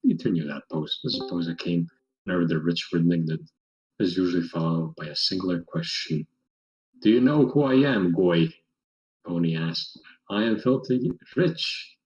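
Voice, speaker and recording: A man reading a fan story aloud to friends in a voice chat, measured, with stumbles and restarts. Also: low voice, animated, lo-fi sound. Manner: reads in a plain measured way with stumbles and chuckles. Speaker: story reader.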